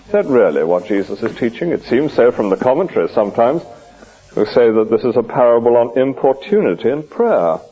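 A man preaches at a midday church service, his husky voice swinging widely up and down. He keeps asking his listeners questions and answering them himself. The recording is dull and lo-fi, like an old archive tape. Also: medium pitch, fairly quick. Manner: lively, questioning preaching with rhetorical asides. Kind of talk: sermon. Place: church at a lunch hour service.

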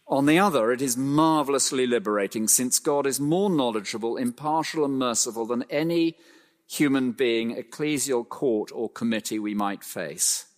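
A man preaching an expository sermon, emphatic, slowing to stress phrases and swinging his pitch widely. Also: big-room sound.

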